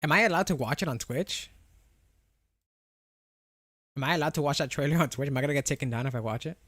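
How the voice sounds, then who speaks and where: In clean studio sound with no room tone, a young adult man streams and chats with his viewers, fast and fairly high-pitched with a bit of brightness. His talk rambles with many restarts and laughs, and his R and W sounds carry a slight lisp.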